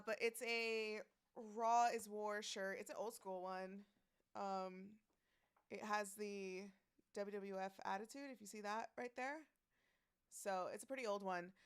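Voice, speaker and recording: A woman's voice: medium pitch, fairly bright tone, clear, resonant tone, dry recording, studio quality. A woman streaming live, chatting casually, reading out chat messages and greeting viewers by name, laughing often.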